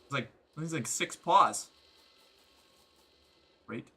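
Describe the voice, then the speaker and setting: A man streaming a game, giving excitable, joking commentary with crude humor. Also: medium pitch, takes it slowly, slightly rough. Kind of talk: gameplay commentary.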